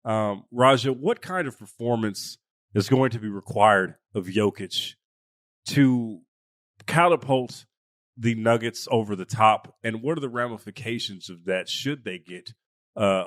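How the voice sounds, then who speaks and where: A man hosting a sports podcast, chatting loosely with friends, with casual swearing and animated banter. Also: fairly low pitch, moderate pace, no echo, clean studio sound. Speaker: podcast host. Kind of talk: casual chat.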